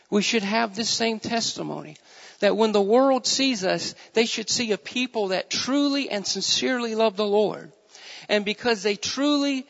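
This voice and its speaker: High, gravelly preacher in a reverberant hall. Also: male voice, fairly bright tone. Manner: reads scripture in old-fashioned wording, then preaches with rising fervor and repetition. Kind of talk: sermon with scripture reading. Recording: dull sound with long hall reverb.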